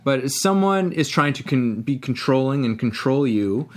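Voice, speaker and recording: A man's voice: mid-range voice, animated, normal speed. A man co-hosting a casual podcast, talking reflectively and thinking aloud as he goes. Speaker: podcast co-host.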